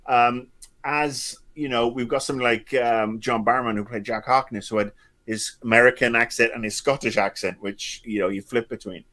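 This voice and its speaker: A man's voice: mid-range voice, fairly even intonation, moderate pace, sharp tone. A man in his fifties riffing in a loose podcast conversation. His delivery is playful and sarcastic, with many fillers and restarts along the way. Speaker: podcast co-host. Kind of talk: casual chat.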